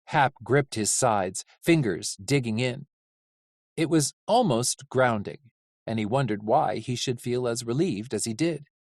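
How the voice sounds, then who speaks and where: An audiobook reader giving measured, animated narration of a story. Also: medium pitch, no room sound, clean studio sound. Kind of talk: scripted narration.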